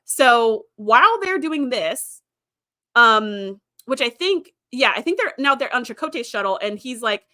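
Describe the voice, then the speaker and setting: A woman's voice: on the high side, very animated, measured pace, sharp tone. A woman host recapping episodes in a chatty way, with fillers and quoted lines acted out. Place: streaming setup.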